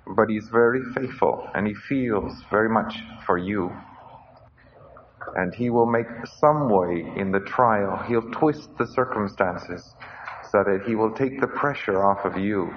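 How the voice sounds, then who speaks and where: A man's voice: fairly low pitch, unhurried. A man preaching a sermon at a conference, earnest, repeating his key phrases. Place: conference hall. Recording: dull lo-fi recording with faint hiss.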